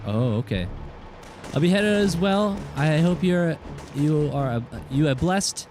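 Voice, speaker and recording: An unhurried man with a slightly high, mellow voice and lively intonation chats with viewers while streaming a game in a British Columbian Canadian accent. He's friendly, thanks people by name, and restarts his words, while game music and gunfire play.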